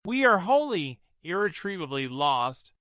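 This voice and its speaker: A man's voice: fairly high pitch, sing-song, a little slow, a bit bright, no room sound, clean studio sound. A man reading an audiobook voices a terrified young man who cries out in alarm and exasperation. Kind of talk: audiobook character voice.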